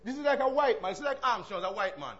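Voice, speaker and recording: High-voiced Jamaican preacher. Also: male voice, big pitch swings, quick pace, lo-fi sound. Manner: emphatic preaching with sharp swings from loud to hushed. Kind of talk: sermon.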